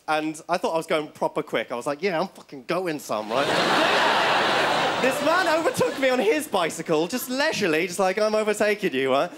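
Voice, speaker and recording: High-voiced comic, rambling on stage. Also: male voice. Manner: rambling storytelling, keeps checking in with "right?". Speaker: stand-up comedian. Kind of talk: stand-up routine. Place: stage before a studio audience. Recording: loud audience laughter and crowd noise.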